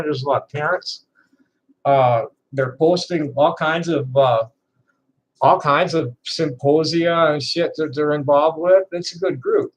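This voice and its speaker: A trans woman in her sixties ranting to camera in a profane, defiant, bitter way, halting and repeating words with laughing asides. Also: low voice, rough recording. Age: 60s. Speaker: vlogger. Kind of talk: unscripted rant to camera.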